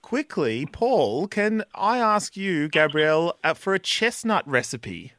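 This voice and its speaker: A man's voice: a little high, very animated, takes it slowly, fairly bright tone, no room sound. Aussie-raised radio host guy, dry studio mic, friendly and jokey. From Australia. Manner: friendly, laughing, reads listener texts. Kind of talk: casual radio chat.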